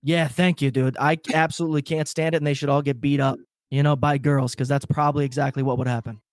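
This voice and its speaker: A male podcast co-host and stand-up comic in casual comedic chat, cheerful and animated, laughing often and swearing freely. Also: mid-range voice, fast talker, dry recording, clean studio sound.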